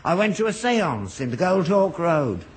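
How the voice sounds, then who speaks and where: A man's voice: a little high, big pitch swings, normal speed. An older man in a British radio sitcom, playing an earnest, gullible father who grows indignant when mocked.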